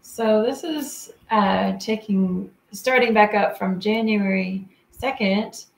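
A woman's voice: medium pitch, slow, gravelly. A woman telling a personal story in a casual, earnest way, quoting her own thoughts. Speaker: co-host telling a shared story. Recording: echoey room.

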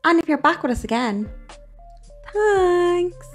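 High-voiced Irish woman co-hosting. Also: big pitch swings, takes it slowly, soft background music. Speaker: co-host. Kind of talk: casual chat.

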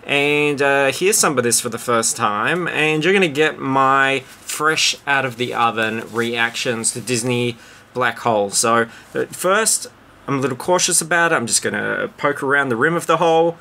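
A man's voice: medium pitch, moderate pace, gravelly, pushed and bright, slight background noise. A man hosting a casual podcast chat, joking and rambling with crude humour. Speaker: podcast host.

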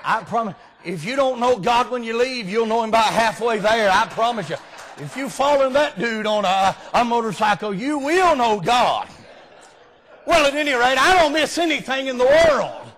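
A man preaching a folksy revival sermon as a guest preacher, often breaking into shouts. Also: extremely high pitch, expressive, normal speed. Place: church sanctuary.

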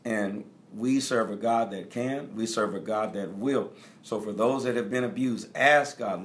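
A man's voice: on the low side, a little slow, a little hiss or hum. A middle-aged man preaching as a bishop, speaking directly to his congregation and repeating key phrases for emphasis. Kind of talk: teaching sermon.

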